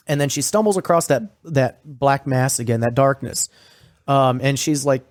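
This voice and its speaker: A man co-hosting a podcast recaps a horror series in loose, rambling talk, swearing freely and leaning on fillers. His voice sits at an ordinary middle pitch. The recording is dry and close, with no room echo. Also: moderate pace. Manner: profane, rambling, filler-heavy. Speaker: podcast co-host.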